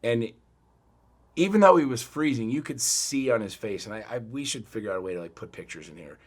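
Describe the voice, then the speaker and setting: A middle-aged man co-hosting a podcast, telling a story in a blunt, profane, animated way. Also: mid-range voice, a little fast. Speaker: podcast co-host. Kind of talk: casual chat.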